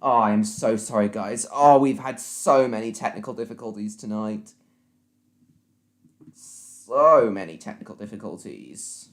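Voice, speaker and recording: A man's voice: lowish voice, unhurried, reverberant. A man hosting a live stream from home at his laptop, rambling, apologising and answering his chat by name in a casual way. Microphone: laptop mic.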